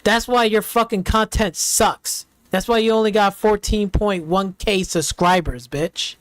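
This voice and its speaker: A man's voice: high-pitched, steady tone, measured pace, fairly bright tone, clear, resonant tone, no room sound. A man ranting in heated, profane slang as a reaction streamer, repeating himself and trash-talking rivals.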